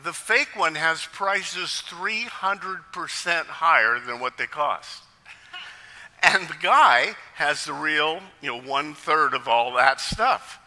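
A man's voice: a little high, takes it slowly, long reverb tail. A male pastor preaching a sermon in a church, telling jokes and stories along the way. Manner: lively storytelling with jokes.

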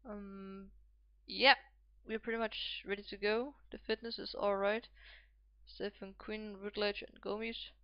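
A woman hosting a gameplay video, musing to herself and reeling off player names as the match runs. She speaks at an unhurried pace with a smooth, clean tone. The recording sounds dull and a bit lo-fi. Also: medium pitch, little pitch movement, no room sound. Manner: thinks aloud, calls out player names. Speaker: gaming video host. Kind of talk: casual game commentary.

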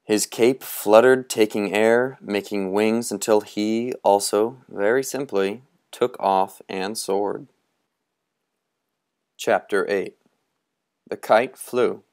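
A man reading a story aloud with a slow, dramatic, drawn-out delivery. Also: fairly low pitch, fairly even intonation, darkish tone, no room sound, clean studio sound. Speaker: reader.

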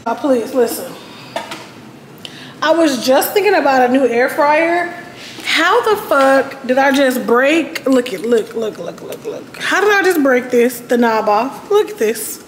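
A woman's voice: high-pitched, animated, unhurried. A woman vlogging at home, chatty and casual, talking straight to her viewers and cursing when annoyed. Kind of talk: casual vlog chat. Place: apartment at home. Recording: echoey room with background noise.

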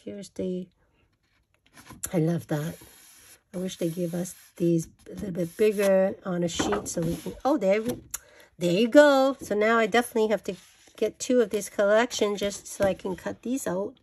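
Gushing woman with a gravelly voice. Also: medium pitch, steady tone, normal speed, darkish tone, a little hiss or hum. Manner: gushing, chatty, self-correcting. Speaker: craft vlogger showing a haul. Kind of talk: casual show-and-tell.

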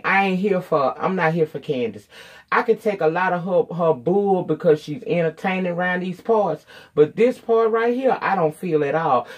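A TV recap reviewer with a lowish, breathy-edged voice retells an episode off the cuff. She acts out the characters' lines and keeps up blunt, profane, sassy commentary.

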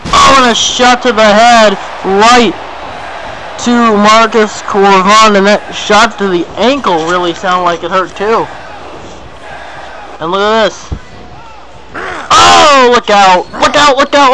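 A young man with a high voice serves as play-by-play announcer for a wrestling match, calling the action in an excitable, repetitive way and letting out sudden yelps at the big hits. The background is noisy.

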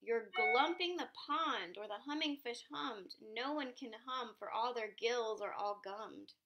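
A woman voicing a grumpy small male creature who scolds a polluter in a slow, drawn-out way while reading a storybook aloud. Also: a little high, highs cut off, heavy background noise. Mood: scolding.

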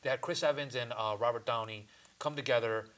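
Fast, bright-voiced man chatting eagerly. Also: mid-range voice. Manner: eager, explains with restarts. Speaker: guest panelist. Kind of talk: casual chat.

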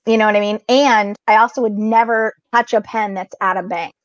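A woman's voice: mid-range voice, steady tone, fairly quick, no echo, dull audio. A woman comedian chatting on a video call, tossing off dry, sarcastic quips. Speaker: comedian guest. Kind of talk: casual chat on a video call.

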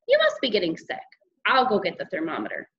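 A woman's voice: medium pitch, huge pitch swings, fast talker, a bit bright, muffled recording, slight background noise. A woman voicing a fussy, caring mother who worries over her son. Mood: fussing. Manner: fussing, soothing.

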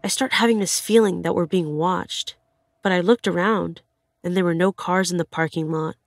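A woman's voice: on the low side, fairly even intonation, normal speed, dry recording. A woman narrating her own scary experience in the first person, in an earnest, plain way. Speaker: storyteller.

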